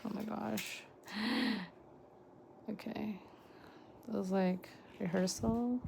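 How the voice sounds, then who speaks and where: Young woman, excitable gushing unboxing chat, unhurried, gravelly fry, faint hiss behind. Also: medium pitch. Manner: gushing, excitable, lots of gasps and exclamations. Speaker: vlogger unboxing fan merchandise.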